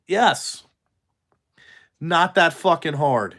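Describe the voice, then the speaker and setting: A man's voice: fairly high pitch, takes it slowly, gravelly, pauses often, fairly bright tone. A man who drives trucks, ranting casually for his channel, blunt and profane, full of fillers and "you know what I'm saying?". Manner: talks in loose run-on asides, asks "you know what I'm saying?".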